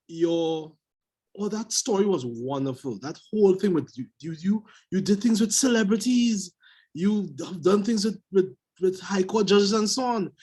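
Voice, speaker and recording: A man's voice: sits high, darkish tone, breathy edge. A man on a video call giving emphatic coaching feedback on a speech, repeating his points. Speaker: speech evaluator.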